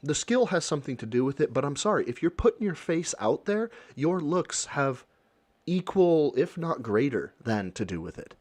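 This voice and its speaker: A man's voice: fairly high pitch, sing-song, moderate pace, darkish tone, no room sound. A man reacting to a video on his stream, making sarcastic and profane rambling asides. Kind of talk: casual reaction commentary.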